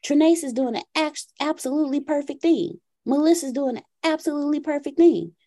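Podcast host, woman, high mellow voice, lively storyteller who plays out dialogue. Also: fairly quick. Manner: animated, acts out dialogue with her son. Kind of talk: casual storytelling.

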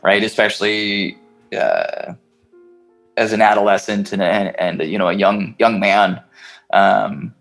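A man's voice: fairly low pitch, steady tone, unhurried, creaky, a bit bright, soft background music, poor audio. A man, a podcast guest, telling a long personal story in casual chat, rambling with restarts, fillers and the odd swear word.

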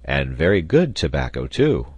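A man voicing a calm, steady engineer who speaks in a measured, low tone. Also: breathy edge, no room sound, highs cut off, heavily acted. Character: calm, steady male engineer, leader of castaways.

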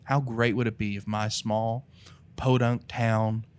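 A man's voice: lowish voice, flat delivery, slow pace, a little mellow, smooth. A man from North Carolina with an Appalachian accent, talking about faith in an earnest, rambling, casual way. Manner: earnest, rambling, many "you know" and "right".

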